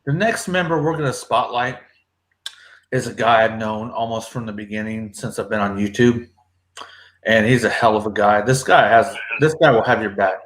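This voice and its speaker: A man's voice: lowish voice, moderate pace, a bit bright, roomy sound. A man hosting a casual livestream, laid-back and profane, talking up his guests. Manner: laid-back, swears freely, hypes up guests. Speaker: livestream host.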